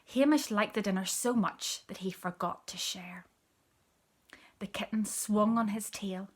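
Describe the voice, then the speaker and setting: A woman reading a picture book aloud, telling the story softly, often in a whisper, and pointing out the pictures. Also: medium pitch, measured pace, slightly rough. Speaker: storybook reader.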